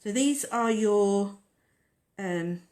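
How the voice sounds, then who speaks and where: A woman's voice: medium pitch, extremely slow, darkish tone. A woman hosting a casual nail-art tutorial, chatting and rambling as she works on the nails. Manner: chatty, rambling, talks while working.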